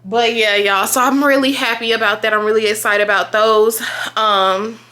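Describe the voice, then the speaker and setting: Bright-voiced excitable young woman vlogging. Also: a little high, moderate pace. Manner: profane, loud and excitable, talks to viewers as y'all. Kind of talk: casual vlog chat.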